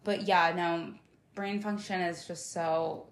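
A young woman co-hosting a podcast in casual chat, animated and swearing freely. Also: fairly low pitch, slow, echoey room. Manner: animated, swears freely, acts out playful voices. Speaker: podcast co-host.

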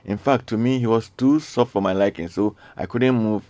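A man's voice: fairly low pitch, moderate pace, dark tone, dry recording. A man hosting a radio call-in show, earnestly reading out listener messages and repeating his requests. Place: radio studio.

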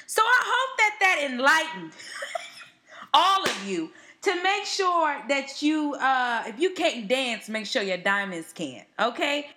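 A woman's voice: sits high, slow, faint music behind. A young woman co-hosting a podcast, telling stories in a casual, slangy, joking way. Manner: animated storytelling, slangy and joking. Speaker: podcast co-host. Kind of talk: casual chat.

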